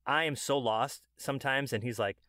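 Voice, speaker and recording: A man's voice: medium pitch, normal speed, pushed and bright, dry recording, clean studio sound. A man hosting an interview about voiceover, asking earnest questions with some stumbling restarts. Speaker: podcast host. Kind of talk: casual interview chat.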